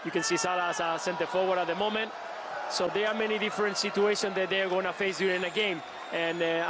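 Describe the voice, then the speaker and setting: Halting man. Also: on the high side, background noise. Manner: halting, many restarts and fillers. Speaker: football pundit. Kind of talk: live pre-match punditry.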